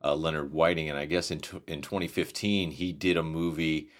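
A man's voice: extremely low pitch, fairly even intonation, fairly quick. A man hosting a casual chat, easygoing, adding short replies and side notes. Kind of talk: casual conversation.

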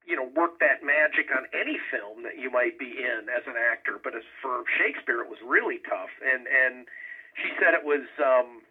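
A man chatting casually and rambling, halting with many fillers and restarts as he recounts an evening. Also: medium pitch, expressive, slightly rough. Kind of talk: casual conversation. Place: lives in Southern California. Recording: tinny phone line.

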